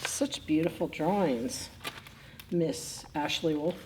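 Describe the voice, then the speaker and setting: She's a children's librarian at a public library, reading picture books aloud during story time and talking with the children in a lively way, laughing often. Her voice is mid-range, with lively intonation and an unhurried, measured delivery.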